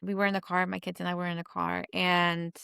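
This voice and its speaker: A woman's voice: fairly low pitch, little pitch movement, brisk, creaky, sharp tone, clean tone, no echo, clean studio sound. A woman in her thirties co-hosting a podcast, talking candidly and emotionally and mixing Spanish phrases into her English. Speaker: podcast co-host. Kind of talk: casual chat.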